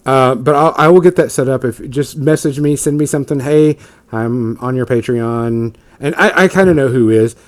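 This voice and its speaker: An easygoing man co-hosting a casual podcast. He plugs the channel and asks relaxed, curious questions in an everyday voice. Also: a little high, fairly quick, hardly any pauses. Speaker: podcast co-host. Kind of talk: casual chat.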